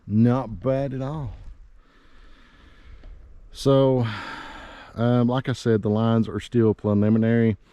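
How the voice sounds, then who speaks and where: A man's voice: medium pitch, steady tone, takes it slowly, long pauses, clear, resonant tone, no room sound, lo-fi sound. A man who has a cold, giving a casual, rambling walking tour of riverside land as a real estate agent. He is out of breath from climbing and sniffling. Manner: casual, folksy, rambling with fillers. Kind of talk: walking property tour vlog. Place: outdoors on wooded riverside land.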